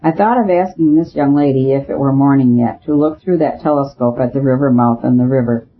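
A man voicing a calm, weary male priest detective, speaking in a quiet, measured, grave manner. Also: mid-range voice, slightly rough, lightly acted. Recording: tinny phone-like audio.

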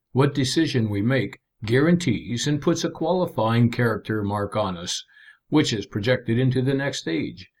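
A man's voice: mid-range voice, a little mellow. Earnest man preaching a sermon. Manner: earnest, measured preaching with emphatic asides.

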